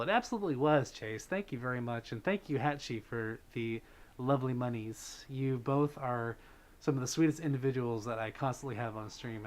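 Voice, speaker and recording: A man chats easily on his livestream, reading out viewer messages and thanking donors along the way. He talks with a relaxed stream of ums and likes, at a middle pitch. The feel is loose and unscripted. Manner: chatty, thanks donors, many fillers. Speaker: livestream host. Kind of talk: casual chat with viewers.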